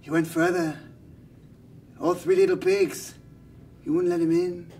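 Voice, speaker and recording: A man doing an impression of a famous singing rabbi, telling a comic story in a slow, dreamy, sing-song voice with Yiddish words. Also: high-pitched, level tone, dark tone, slightly rough, recorded from a distance. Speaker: comedian. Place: live event.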